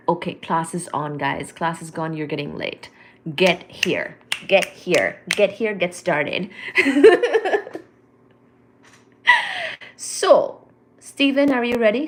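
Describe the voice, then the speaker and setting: A woman hosting a casual live stream, chatty and playful as she greets viewers and reads their comments aloud. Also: mid-range voice. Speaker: livestream host.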